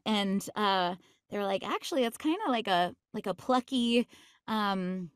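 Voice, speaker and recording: A woman's voice: mid-range voice, animated, measured pace, clean tone, no room sound. Woman, voice actress guest, bubbly, laughs often, filler words, dry close mic. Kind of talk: casual interview chat.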